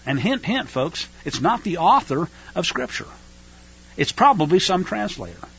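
Male preacher, fiery radio sermon, emphatic and scornful, bright, husky. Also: sits high, sing-song, moderate pace. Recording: dull lo-fi radio recording.

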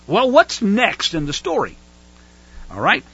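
Animated, bright-voiced man teaching scripture. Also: sits high, measured pace, vocal fry, husky, dull audio. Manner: animated, acts out whining voices. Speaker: Torah teacher. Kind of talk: casual Bible study teaching.

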